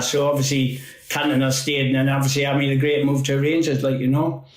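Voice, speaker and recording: A man's voice: medium pitch, level tone, brisk, echoey room, rough recording. A Geordie man in his fifties, a guest telling rambling football anecdotes with acted quotes and frequent laughter. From North East England. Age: 50s. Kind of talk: storytelling anecdotes.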